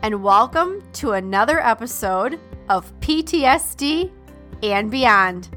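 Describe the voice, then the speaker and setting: A woman's voice: a little high, expressive, takes it slowly, fairly bright tone, faint music behind. A woman with a Midwestern accent hosting a podcast, chatty and upbeat, reading her intro and sponsor message with playful asides. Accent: American Midwestern. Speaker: podcast host.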